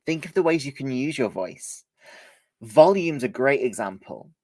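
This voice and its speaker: A male trainer teaching a workshop, his voice a little hoarse from a cold. He speaks at a middling pitch, keeps the delivery lively with swings in loudness and speed, and the sound is close and dry. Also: moderate pace, dry recording. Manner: lively, varies volume and pace to demonstrate. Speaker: presentation skills trainer. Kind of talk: live workshop lesson.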